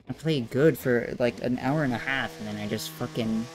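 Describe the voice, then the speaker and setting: A man's voice: medium pitch, moderate pace, few pauses. Annoyed streamer guy cursing at his game, faint music and keyboard clicks behind. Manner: frustrated, swearing, exasperated muttering. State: frustrated. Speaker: speedrunner streamer. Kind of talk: live game stream commentary.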